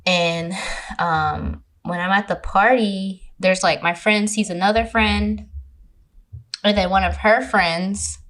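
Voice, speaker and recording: A young Californian woman, guesting on a podcast, casually tells a dating story, animated, swearing freely and acting out quotes. She speaks slowly at a medium pitch.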